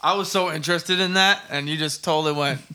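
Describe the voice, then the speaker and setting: A young man in casual podcast banter, excitable and profane, cutting in with questions. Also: a little high, fast talker.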